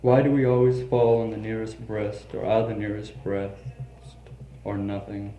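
A man's voice: fairly low pitch, flat delivery, normal speed, dull audio, slight background noise. A man giving a poetry reading in an intimate, confessional way. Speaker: poet reading his work. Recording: roomy reverberant recording with faint ambience.

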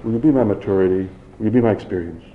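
A man voicing an earnest male professor, measured in his speech. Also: on the low side, narrow, tinny audio, a little hiss or hum, natural voice. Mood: tender.

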